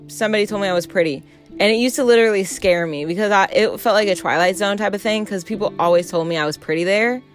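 Blunt, foul-mouthed young woman vlogger. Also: mid-range voice. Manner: blunt, profane, candid; acts out quoted customers and coworkers. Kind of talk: casual storytime monologue.

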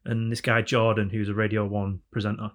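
A man's voice: on the low side, flat delivery, fairly quick. A man hosting a casual podcast, telling stories with plenty of swearing and laughter. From England. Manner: storytelling, sweary, laughing often. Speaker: podcast host. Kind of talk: casual chat.

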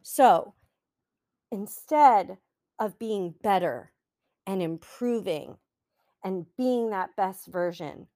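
Slow, earnest woman podcast host. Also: medium pitch, lively intonation, mellow, dry recording, studio quality. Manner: earnest, encouraging, slow and heartfelt. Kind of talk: reflective solo podcast talk.

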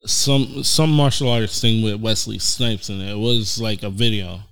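A man's voice: lowish voice, steady tone, a little slow, a bit bright, smooth. A man co-hosting a casual podcast, laid-back and stubborn when arguing his point. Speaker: podcast co-host. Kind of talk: casual chat.

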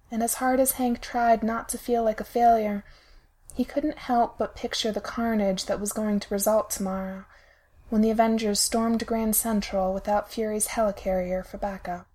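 A woman reading a story aloud in a plain, even manner. Her voice sits at a middle pitch. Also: moderate pace. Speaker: podfic reader. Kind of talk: audiobook narration.

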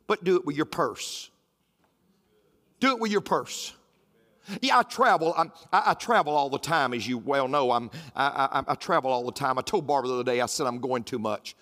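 A man's voice: medium pitch, moderate pace, a bit bright. A man preaching a sermon as pastor, emphatic and repetitive, with folksy humor. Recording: roomy hall with faint music.

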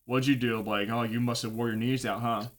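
A man's voice: mid-range voice, steady tone, fairly quick. Young man, casual storyteller, profane and laid-back. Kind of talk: casual anecdote.

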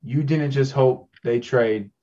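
A man's voice: medium pitch, slow, warm tone, highs cut off. A man co-hosting a sports podcast, teasing the others in casual, profane banter. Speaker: podcast co-host.

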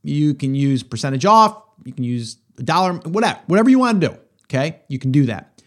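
A man's voice: on the high side, sing-song, a little fast. A man hosting a business podcast, giving casual advice in an enthusiastic, repetitive way and often checking in with "okay?". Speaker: podcast host.

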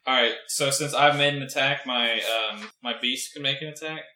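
A man playing a tabletop game, speaking hesitantly with many pauses and fillers. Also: medium pitch, steady tone, bright, forceful tone, reverberant, a little hiss or hum. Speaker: player. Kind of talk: casual tabletop play.

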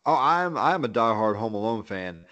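A man's voice: mid-range voice, expressive, moderate pace, bright, forceful tone, dry recording. A man on a casual podcast chat, talking bluntly and swearing freely. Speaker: podcast co-host. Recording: dull lo-fi dry mic.

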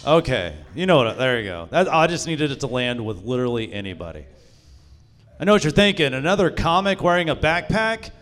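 A man's voice: medium pitch, very animated, a little fast, a bit bright, faint music behind. A young man doing a stand-up set in a comedy club, profane and self-mocking as he tells stories. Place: live comedy club stage.

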